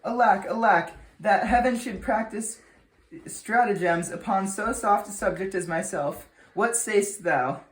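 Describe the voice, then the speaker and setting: A woman's voice: medium pitch, a little slow, lightly acted. A woman playing a desperate, defiant young noble daughter in an amateur Shakespeare reading, earnest and pleading. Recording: roomy echo.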